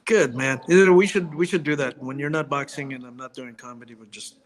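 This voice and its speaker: A man, a comedian guest, chatting casually, joking and riffing quickly while plugging his shows. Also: medium pitch, a little hiss or hum. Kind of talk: casual chat.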